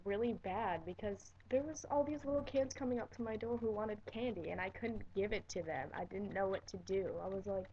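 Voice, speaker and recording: A teenage girl telling a story in a casual vlog, animated and dramatic and swearing freely. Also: medium pitch, brisk, few pauses, lo-fi sound, slight background noise. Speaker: vlogger.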